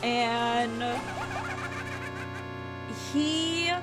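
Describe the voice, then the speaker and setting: A young adult woman streaming a game, telling a story in an animated, exasperated way with plenty of swearing. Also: fairly high pitch, extremely slow, over loud music. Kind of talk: casual storytelling while gaming.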